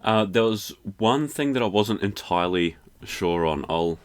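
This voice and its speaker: A young Australian man co-hosting a podcast album review in a relaxed, conversational way. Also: on the low side, unhurried, clear, resonant tone. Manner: relaxed and conversational, with fillers like "um" and "sort of". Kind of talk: casual podcast chat.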